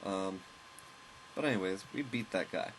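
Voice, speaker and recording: A man casually recounting a long, rambling story at home while commenting on a game, with chuckles and quick asides. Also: low voice, a little hiss or hum, low-quality recording. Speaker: let's play host. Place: at home, with a loud pet bird nearby.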